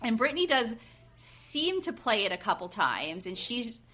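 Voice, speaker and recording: Recapping a reality show on a podcast she co-hosts, this woman in her forties acts out what people said in a lively retelling full of fillers. She speaks at a moderate pace, her voice on the high side.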